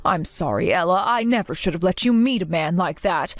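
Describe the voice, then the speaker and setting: A woman voicing a gentle middle-aged mother who talks in a soothing, reassuring way. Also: on the low side, animated, a little fast, no room sound, faint music behind, pitched below the performer's own voice. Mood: tender.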